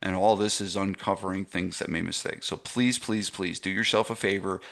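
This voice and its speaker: A middle-aged man with a fairly low voice leads a live online masterclass for gym owners. He talks emphatically, repeats his key points and keeps checking that listeners follow. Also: steady tone, moderate pace, creaky, fairly bright tone. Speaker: gym business coach.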